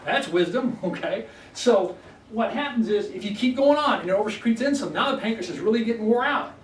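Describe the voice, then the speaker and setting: A high-pitched man runs a folksy health workshop and keeps asking the crowd "okay?". He is caught from across an echoey room by a distant mic. A faint hiss sits under his voice. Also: expressive, fairly quick. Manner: folksy, repeats "okay?" to check in with listeners. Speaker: chiropractor giving a health workshop. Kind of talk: lecture to a live audience. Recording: echoey room, voice from far off, faint background noise.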